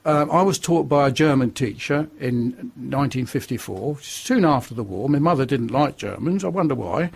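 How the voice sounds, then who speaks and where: A man's voice: medium pitch, lively intonation, normal speed, vocal fry, hardly any pauses, husky. An older man with a Northern English accent, a radio guest giving a blunt, chatty testimony that turns preachy. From northern England.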